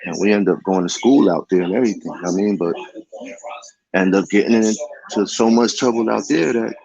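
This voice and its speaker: A man's voice: brisk, gravelly, darkish tone, dull audio. A man talking in a casual vlog monologue, rambling in slangy street talk with many restarts. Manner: sing-song high calls of a greeting catchphrase. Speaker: vlogger.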